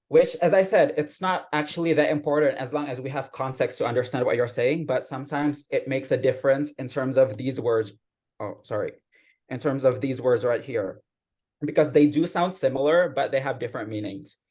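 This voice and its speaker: A man giving a patient, explanatory grammar report as club grammarian at an online meeting, speaking over a video call. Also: mid-range voice. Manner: patient explaining, steady teacherly tone.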